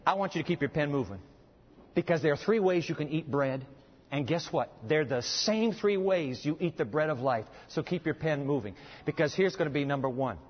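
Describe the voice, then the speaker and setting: Preacher, male, high folksy voice, long hall reverb, slightly muffled. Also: fairly quick, breathy edge. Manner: folksy, animated, jokes with the audience. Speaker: pastor. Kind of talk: sermon with live demonstration. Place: church hall with audience.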